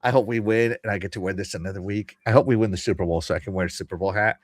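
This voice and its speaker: A man's voice: fairly low pitch, steady tone, racing, no echo. A man hosting a podcast, casually chatting and reading chat messages aloud with frequent laughter. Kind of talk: casual live-stream chat.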